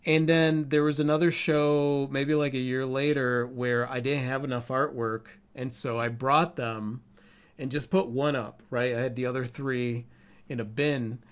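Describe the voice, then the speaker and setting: A man co-hosting a casual podcast about art, talking in a relaxed, candid way and swearing freely. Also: medium pitch, a little slow, smooth. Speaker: podcast co-host, artist.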